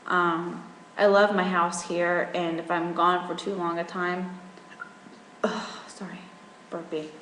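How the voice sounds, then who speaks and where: A woman's voice: lowish voice, flat delivery, a little slow, a bit bright, reverberant, in a large hall, a little hiss or hum, rough recording. A young woman from rural in her twenties, chatting casually in a rambling vlog at home with lots of fillers. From rural Virginia. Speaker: vlogger.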